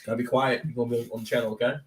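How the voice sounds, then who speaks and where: A man's voice: medium pitch, level tone, rapid-fire, recorded from a distance. A man giving casual battle rap commentary at home, rambling and joking with lots of stop-and-start repeats. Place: at home with his son nearby. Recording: echoey room, voice from off-mic.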